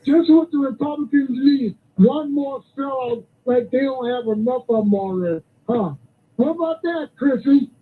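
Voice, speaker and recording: A male caller with a very high voice comes through a thin, tinny phone line. He talks in a needling, combative way, firing taunting questions at the host. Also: moderate pace. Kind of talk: call-in to talk radio.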